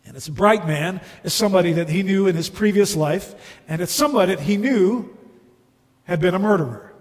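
A man's voice: high voice, brisk, in a large hall. A man preaching a sermon as a pastor, earnestly posing rhetorical questions to the congregation.

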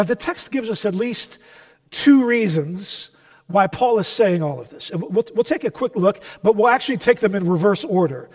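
Emphatic high-voiced male pastor in a hall. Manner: emphatic, swings between loud and soft. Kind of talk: sermon. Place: church.

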